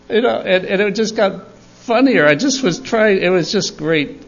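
Slow, husky older man telling a story. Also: sits high, muffled recording. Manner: chuckling, animated storyteller. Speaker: church speaker. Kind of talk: storytelling sermon for children.

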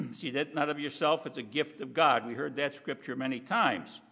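A man preaching a sermon in a folksy, conversational way, often clearing his throat. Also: mid-range voice, normal speed, pushed and bright, in a large hall.

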